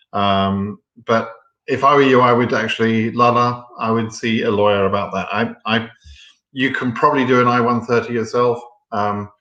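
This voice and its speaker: A man with a fairly low voice hosts a live question and answer session, reading out viewer questions and answering them bluntly. He talks frankly and fills his sentences with ums and restarts. The sound is roomy, with a noticeable echo. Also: fairly bright tone, highs cut off. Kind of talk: live Q&A stream.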